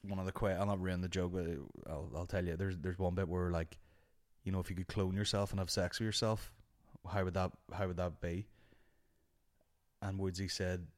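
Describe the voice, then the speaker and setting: A young man with a slightly low voice hosts his podcast. He tells a rambling anecdote in a casual, lively, profane way. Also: moderate pace. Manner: animated, sweary anecdote-telling. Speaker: podcast host. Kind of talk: casual storytelling monologue.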